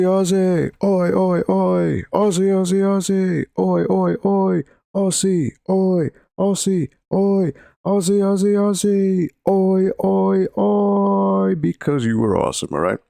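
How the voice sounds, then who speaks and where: A man with a low, deep voice hosts a charity game stream in a relaxed, rambling way. He sounds close to a dry desk mic. He keeps pausing to thank viewers. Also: dry recording. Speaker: charity livestream host.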